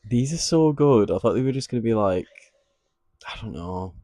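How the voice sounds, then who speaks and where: A man co-hosting a podcast, chatting casually with relaxed, joking banter. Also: medium pitch, moderate pace, no echo, clean studio sound. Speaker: podcast co-host. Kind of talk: casual chat.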